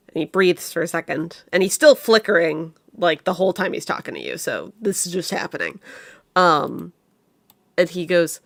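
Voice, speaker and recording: A woman narrating as game master of a tabletop game, describing scenes slowly with fillers. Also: on the low side, very animated, creaky, fairly bright tone, dry recording.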